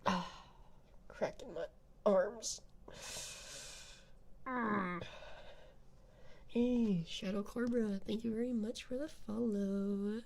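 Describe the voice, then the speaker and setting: A young man chatting with viewers on a live ASMR stream, rambling with many fillers and switching between whispering and soft talk. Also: high voice, fairly even intonation, slow pace, vocal fry, pauses often.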